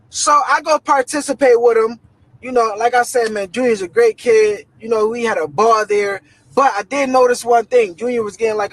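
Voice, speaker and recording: A man's voice: very high-pitched, fairly bright tone, low-quality recording. A man telling a dramatic personal story in casual slang, acting out what everyone said.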